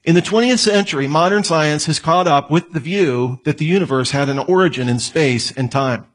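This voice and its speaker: A man's voice: a little high, moderate pace. A man giving a conversational lecture, asking his listeners questions and adding joking asides. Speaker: apologetics teacher. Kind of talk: lecture on evidence.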